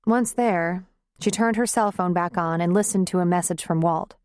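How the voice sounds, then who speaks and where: An audiobook narrator, a woman, reads a romance novel aloud in a measured, even storytelling style. Her voice is fairly low, and the scripted narration has studio quality with no echo.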